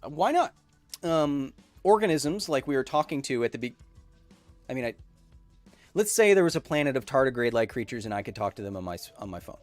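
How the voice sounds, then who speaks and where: Jokey guy streaming, pitch bouncing all over, faint music under him, lots of ums. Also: a little fast, no room sound. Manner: animated and jokey, with many ums and playful outbursts. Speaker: podcast host answering live chat. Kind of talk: casual live-stream chat.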